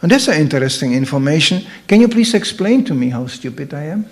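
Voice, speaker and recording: A man doing a calm analytical scholar. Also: fairly high pitch. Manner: calm, reasoning, measured. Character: calm analytical male priest-scholar, unruffled.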